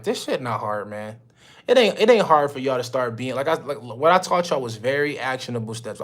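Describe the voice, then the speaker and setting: A young man coaching his mentorship group on a call, blunt and preachy, full of slang and swearing. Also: mid-range voice. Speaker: business mentor. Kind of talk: motivational talk on a call.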